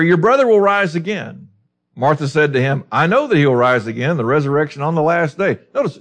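Male preacher, fairly high voice, animated and emphatic, Bible teaching sermon. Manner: lively, emphatic Bible teaching with rhetorical questions.

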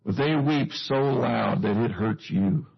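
A man's voice: medium pitch, slow, vocal fry, breathy edge. A male preacher giving a sermon, teaching earnestly and putting questions to his listeners, on a dull lo-fi recording.

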